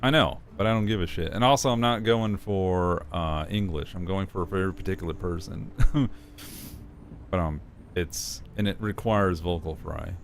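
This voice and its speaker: A man's voice: sits low, moderate pace, gravelly, a little hiss or hum. A man streaming a game, chatting casually and critiquing his own voice work. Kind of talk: casual chat while playing.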